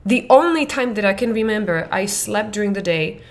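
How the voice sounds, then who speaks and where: A woman hosting a parenting coaching podcast, talking in an animated monologue that swings between soft near-whispers and excited laughing bursts. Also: medium pitch, fairly quick.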